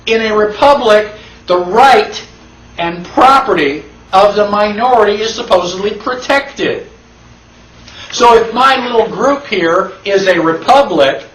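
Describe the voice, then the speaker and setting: A constitution class instructor lectures to an audience in a classroom, speaking emphatically and repeatedly throwing rhetorical questions at his listeners. His voice is fairly high with a fairly bright tone. The mic is some distance away, so the sound is roomy and echoey.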